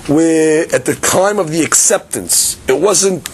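A man's voice: a little high, a little slow, a little hiss or hum. A man teaching a Talmud class, acting out both sides of the argument and mixing Hebrew and Aramaic terms into his English. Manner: acts out both sides of the argument, many restarts. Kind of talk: lively Talmud class, reasoning aloud.

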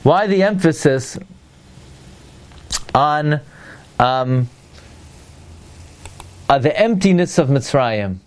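A man's voice: fairly high pitch, lively intonation. Man giving a questioning Torah class. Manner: asks rhetorical questions, pauses to search for words. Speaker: Torah teacher.

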